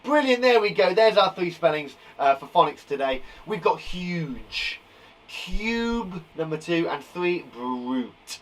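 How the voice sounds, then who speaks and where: A man gives a live phonics lesson to young children from a garden shed classroom, stretching out each sound slowly and praising often. His voice rises and falls a lot and sits fairly high for a man. He is sometimes a little off the mic. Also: lively intonation, recorded from a distance, a little hiss or hum, low-quality recording. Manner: upbeat, encouraging, slow deliberate sounding-out of words. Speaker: primary school teacher.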